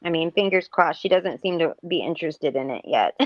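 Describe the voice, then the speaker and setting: A woman's voice: lowish voice, very animated, normal speed, no room sound. A woman in her forties chatting casually as a podcast co-host, rambling with lots of fillers and restarts. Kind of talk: casual chat. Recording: dull lo-fi audio.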